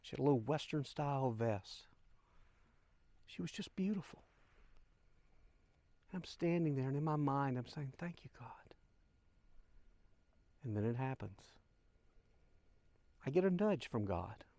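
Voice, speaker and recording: Older man, heartfelt storyteller, talks to listeners as folks, mid-pitched. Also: animated, a little slow, pauses often, mellow, no echo. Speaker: channel host. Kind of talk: personal storytelling.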